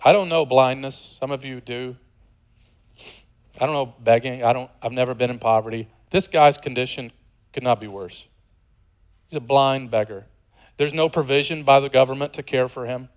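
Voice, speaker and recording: A man in his forties preaching a sermon, shifting from loud and excited to soft and hushed, with conversational, joking asides. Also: medium pitch, moderate pace, long pauses, rough recording. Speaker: pastor.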